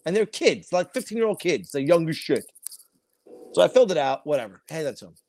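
A man's voice: a little high, big pitch swings, a little fast, darkish tone. A man, co-hosting a podcast and telling rambling, profane stories in casual chat. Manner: rambling storytelling with heavy swearing. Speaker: podcast co-host.

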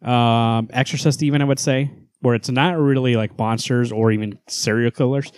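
A man's voice: mid-range voice, fairly even intonation, normal speed, darkish tone, dry recording. A man in his thirties co-hosting a podcast, rambling casually, laughing often and swearing now and then. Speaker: podcast co-host. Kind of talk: casual chat.

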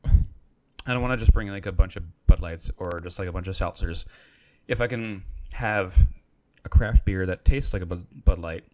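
A man's voice: low-pitched, normal speed, darkish tone. A man co-hosting a casual podcast, rambling easily with lots of fillers while he reviews beers. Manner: laid-back, rambling with many fillers. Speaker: podcast co-host. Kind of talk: casual chat.

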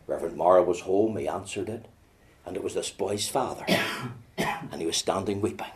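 A man preaching a sermon, swinging from hushed storytelling to loud, urgent pleading. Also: deep voice, moderate pace.

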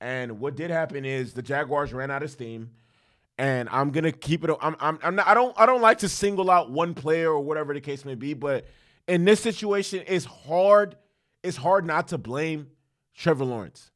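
A young man with a slightly high voice talks through a football game in a casual recap. He gets heated and profane, restarting sentences and piling on fillers as he vents. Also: moderate pace, a bit bright. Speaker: sports commentator, football fan. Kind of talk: casual sports recap and rant.

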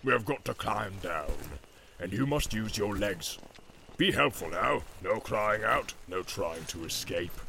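A man voicing a brutal, commanding orc captain with a gravelly, growling voice, barking orders in an audiobook. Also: fairly low pitch, lively intonation, unhurried, bright, forceful tone, a little hiss or hum, voice pushed down, heavily acted. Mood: menacing. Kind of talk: audiobook character voice.

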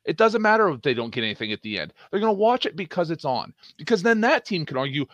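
Emphatic high-voiced man arguing sports. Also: big pitch swings, fast, few pauses, a bit bright, no echo, highs cut off. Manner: emphatic, rhetorical questions, punchy commands. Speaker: sports talk co-host. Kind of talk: opinionated sports debate.

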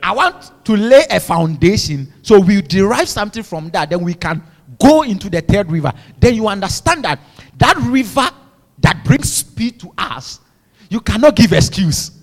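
Fervent high-voiced preaching man. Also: sing-song, moderate pace, big-room sound. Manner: fervent preaching with call-and-response exhortations. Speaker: pastor. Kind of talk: sermon. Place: church.

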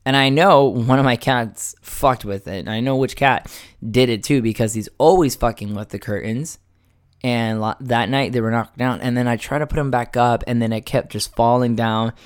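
A man rambles through a casual vlog monologue at an everyday mid pitch. He swears freely and keeps restarting, stacking filler words as he goes. He makes fun of himself as he talks. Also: steady tone, normal speed, smooth. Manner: self-mocking, laughs at his own story. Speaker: vlogger.

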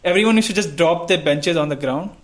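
A man's voice: fairly high pitch, fast, a little hiss or hum. A young man from India, a podcast co-host, telling childhood stories in casual chat and laughing as he goes. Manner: animated storyteller, laughs while telling stories.

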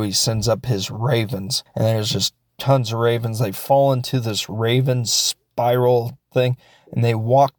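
A man of middle pitch tells a film's story in a loose, joking way, chuckling and dropping into quick voices for the characters. The recording is close and dry, with no room sound. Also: dry recording. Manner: animated retelling, acting out characters' lines in quick voices; jokey, offhand, with chuckles. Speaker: film reviewer and show host. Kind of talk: casual film recap and review.

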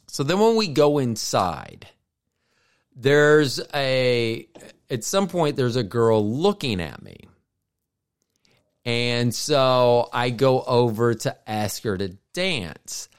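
A man co-hosts a podcast, his smooth voice at medium pitch. His casual storytelling wanders, packed with asides and restarts.

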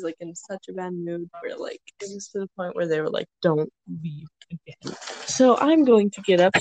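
A young woman telling rambling stories in casual chat, often breaking into loud impressions of her friends. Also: medium pitch, no echo, rough recording. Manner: chatty storytelling, rambling with fillers; shouts playful impressions of friends.

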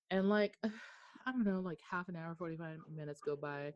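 A woman's voice: low-pitched, normal speed, no echo. A young woman from Okinawa telling a story on a video call, swearing freely and acting out what she said. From Okinawa, Japan. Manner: animated, swears freely, quotes herself. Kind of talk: casual storytelling. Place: home in Texas during a storm.

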